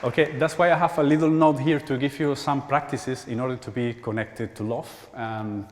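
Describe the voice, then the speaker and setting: A man in his forties with a Spanish accent, speaking English as a second language at a conference, halting and repeating words and laughing often. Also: medium pitch, steady tone, a loud crowd, very noisy. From Spain. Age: 40s. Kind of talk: conference talk. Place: large church hall. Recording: hall reverb.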